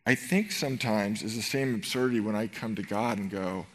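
A middle-aged man preaching a sermon in a church, animated and rhetorical, swinging between loud emphasis and quiet tenderness. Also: mid-range voice, moderate pace, hardly any pauses. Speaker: pastor. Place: church sanctuary.

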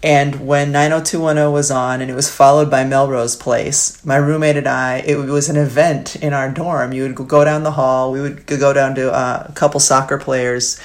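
A woman's voice: extremely low pitch, fairly even intonation, moderate pace, hardly any pauses. A woman in her forties, co-hosting a podcast in casual chat, telling rambling stories with many fillers. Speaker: podcast co-host and sports broadcaster.

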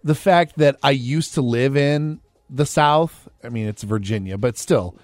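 A man's voice: mid-range voice, a little slow, no echo. A man from Iowa co-hosting a radio show in casual studio chat, easygoing and self-deprecating.

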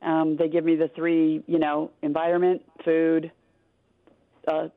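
A woman calling in to a radio show, speaking in a hesitant, halting way with many fillers. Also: deep voice, monotone, dry recording. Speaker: caller. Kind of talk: call-in radio chat. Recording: tinny dry phone line.

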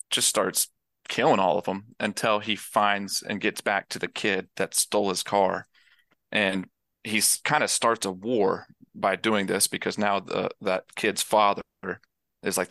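A man with a gravelly, bright voice talks through a film on a podcast. His recap rambles eagerly, full of restarts, and the sound is close and dry with no room around it. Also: on the low side, no room sound. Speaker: podcast co-host. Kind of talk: casual movie discussion.

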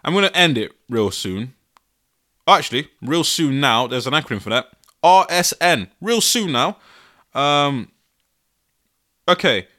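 A man's voice: on the high side, sing-song, measured pace, pauses often, pushed and bright. A man in his twenties hosting a solo podcast from his bedroom, laughing often and sounding exasperated. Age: 20s. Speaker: podcast host.

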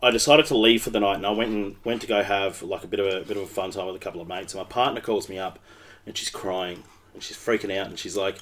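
A man's voice: low-pitched, steady tone, fast talker, fairly bright tone. A man with an Australian accent, co-hosting a casual podcast and telling a rambling story with frequent laughs. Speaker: podcast co-host. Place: basement room, seated on couches.

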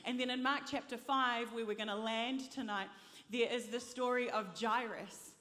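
A woman's voice: a little high, fairly even intonation, normal speed, fairly bright tone. A woman preacher delivering an impassioned sermon to a congregation in a large church hall, urging them to repeat after her. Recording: long reverb of a large hall.

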